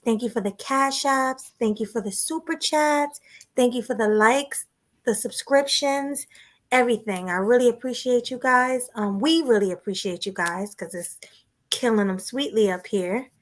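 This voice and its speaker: A woman hosting a casual live-stream chat, relaxed and chatty, thanking her viewers. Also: on the high side, normal speed. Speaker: host.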